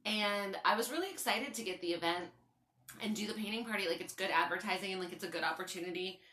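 Young woman, podcast host, bright voice, animated, laughs a lot, casual swearing, echoey room. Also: medium pitch, quick pace. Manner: animated storytelling, laughs often, swears freely. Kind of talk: casual chat.

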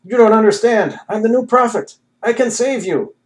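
Manic male prophet, shrill and shrieking, loud and high, put on by a male narrator. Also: moderate pace, close to an everyday voice. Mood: ecstatic. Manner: shrieking, frantic shouting.

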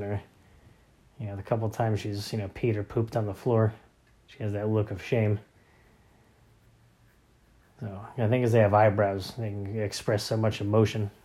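A father in his thirties talks casually about home life, wandering from thought to thought with plenty of fillers. His voice sits low and stays fairly level in pitch. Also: level tone, normal speed, pauses often, mellow. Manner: rambling, many fillers and restarts. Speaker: father of young boys. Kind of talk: casual family vlog talk.

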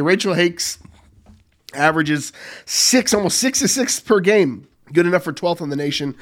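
Man co-hosting a sports podcast. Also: a little high. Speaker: podcast co-host. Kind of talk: casual sports podcast chat.

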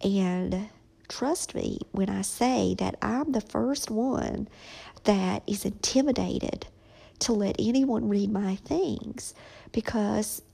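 A middle-aged woman talking slowly and reflectively about writing her children's book, pausing often with ums. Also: medium pitch, gravelly, dark tone, slightly rough, poor audio. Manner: slow, reflective, halting with many ums. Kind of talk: casual personal vlog.

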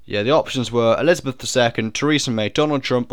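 A young man talks his way through a quiz, joking, punning and doubting his own answers. His voice is smooth and resonant at a middling pitch. The recording is dry, with no room sound. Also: quick pace, dry recording. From United Kingdom. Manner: jokey, punning, second-guesses aloud. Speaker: video creator doing a quiz. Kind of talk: casual commentary while taking an online quiz.

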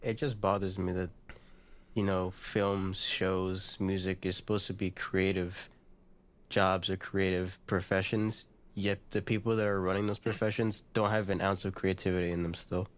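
A man's voice: low voice, little pitch movement, normal speed. A man in a casual chat show, blunt and argumentative as he makes his point. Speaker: podcast co-host.

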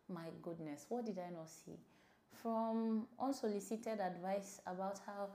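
A young woman hosting her own podcast, animated and opinionated, talking with a smile in her voice. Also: medium pitch, measured pace, echoey room. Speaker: podcast host. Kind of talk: solo podcast commentary.

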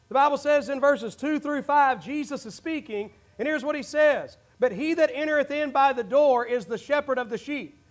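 High-voiced preacher, impassioned sermon. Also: male voice. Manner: impassioned preaching, swinging between shouts and hushed low asides. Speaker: pastor. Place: church sanctuary.

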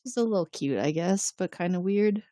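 A woman's voice: on the low side, fairly quick, no room sound, clean studio sound. A woman co-hosting a podcast who recaps a TV episode in a casual way. She laughs a lot and swears freely. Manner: animated, laughs often, profane. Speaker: podcast co-host.

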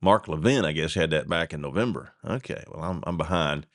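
A man's voice: very deep voice, fairly quick, dry recording, clean studio sound. A middle-aged man hosting a radio talk show, ranting in a casual, chuckling way. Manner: animated, ranting, chuckling asides.

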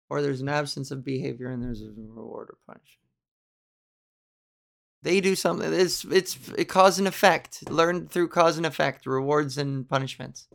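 A woman's voice: low-pitched, creaky. A young adult woman hosting a solo podcast, rambling and ranting with plenty of swearing in casual monologue. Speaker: podcast host.

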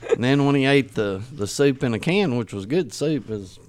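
A man's voice: mid-range voice, animated, normal speed. A middle-aged man with a West Texas accent, chatting easily as a podcast guest. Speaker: guest, hunting partner. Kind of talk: casual chat.

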